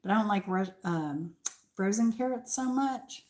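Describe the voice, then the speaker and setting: An older woman with a mild Southern American accent, chatting casually as a channel host on a garden tour, rambling with pauses. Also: medium pitch, lively intonation, darkish tone. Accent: Southern American mix.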